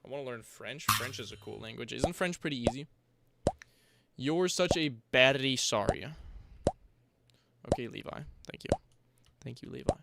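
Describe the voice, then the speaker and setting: A man's voice: medium pitch, lively intonation, moderate pace, gravelly, pauses often. A young man streaming a game, chatting casually with viewers in a rambling, joking, slang-heavy way. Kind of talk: casual livestream chat while gaming. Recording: loud background noise.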